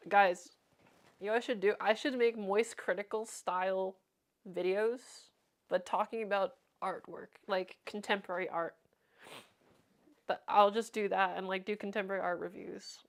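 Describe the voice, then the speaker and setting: A woman's voice: medium pitch, steady tone, moderate pace. A young woman streamer chatting casually, rambling with lots of fillers and frequent laughter. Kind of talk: casual chat.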